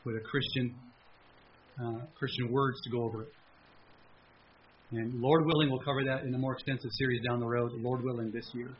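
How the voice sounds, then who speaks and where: A man preaching a sermon as pastor at a church service, animated, with a raised pleading voice when he acts out prayers. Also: mid-range voice, highs cut off, a little hiss or hum.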